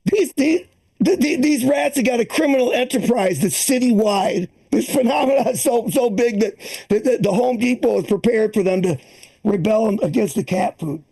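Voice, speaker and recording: A high-pitched, gravelly older man in his sixties works through a stand-up set, swearing freely and rambling from bit to bit. He slips into the voices of the people in his stories as he goes. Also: normal speed, warm tone. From Boston area. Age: 60s. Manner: profane, rambling, acts out quoted voices. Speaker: stand-up comedian. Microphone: streamed online comedy show.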